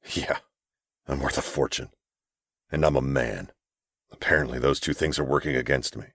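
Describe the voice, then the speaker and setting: A man's voice: animated, moderate pace, no room sound, clean studio sound. A man voicing a heartbroken rich businessman. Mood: bitter. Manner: strained, clipped and low. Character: young wealthy businessman, heartbroken and bitter.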